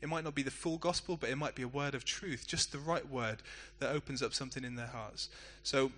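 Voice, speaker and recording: Pastor, male, middle-aged; bright forward voice; chatty story-led preaching. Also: medium pitch, a little fast. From England. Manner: conversational, self-deprecating storytelling. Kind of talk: sermon.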